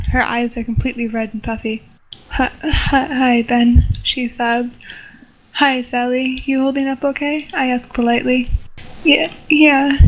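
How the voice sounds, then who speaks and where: A woman reads a homemade adventure story aloud to her friends. Her voice sits fairly high but barely moves, giving a plain, level delivery. She is a little self-conscious about how she sounds. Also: slight background noise, rough recording. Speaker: reader of a homemade game story. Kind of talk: casual reading aloud of a story among friends.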